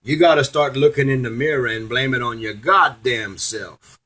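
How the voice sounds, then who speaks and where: A man's voice: medium pitch, normal speed, pushed and bright, poor audio. A man delivering an angry, profane, preachy rant to his audience as a vlogger. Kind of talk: angry ranting monologue.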